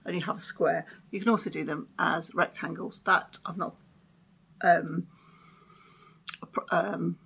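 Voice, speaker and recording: A woman's voice: lowish voice, steady tone, a little slow, gravelly, pauses often, fairly bright tone, husky. A woman hosting a crafting vlog, chatting casually at home with lots of ums, little laughs and self-deprecating asides. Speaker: crafting podcast host.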